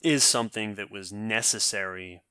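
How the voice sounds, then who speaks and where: A man's voice: lowish voice, moderate pace, pushed and bright, smooth, dry recording, studio quality. A man co-hosting a science podcast, explaining at length and thinking aloud with restarts. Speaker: podcast co-host. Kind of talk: casual science podcast chat.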